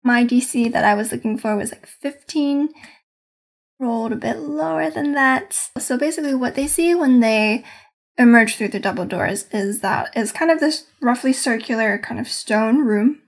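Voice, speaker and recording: A woman's voice: on the high side, normal speed. Rambling woman recapping her game. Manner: meandering, hedging, searching for words. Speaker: game master. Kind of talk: casual storytelling recap of a tabletop session.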